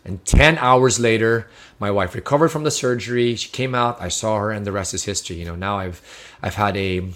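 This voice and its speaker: A man's voice: lowish voice, a little fast, fairly bright tone. A man preaching a sermon, sharing a personal testimony in an earnest, heartfelt way with frequent restarts.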